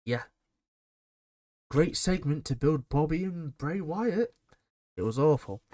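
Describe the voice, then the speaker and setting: A man's voice: on the high side, animated, slow, a little mellow, dry recording, studio quality. A man giving a blunt, sarcastic and rambling casual recap of a wrestling show.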